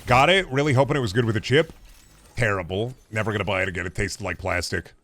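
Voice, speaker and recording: A man's voice: on the low side, fast, a bit bright, a little hiss or hum. A man in his thirties streaming a game, chatting in a rambling, laid-back way and swearing freely. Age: 30s. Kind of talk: casual gaming-stream chat.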